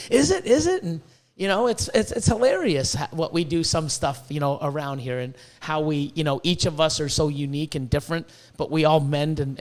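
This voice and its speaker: A high-voiced man hosts a casual podcast, bursting with excitement and peppering his talk with swearing. He grew up in Canada, and he often repeats words as his thoughts run ahead of him. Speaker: podcast host.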